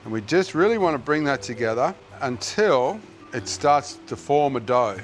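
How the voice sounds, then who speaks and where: On a kitchen set, an Australian cooking-show host chats through a lapel mic in a mid-range voice with lively intonation. He keeps a moderate pace against soft background music, joking warmly and musing aloud while he cooks.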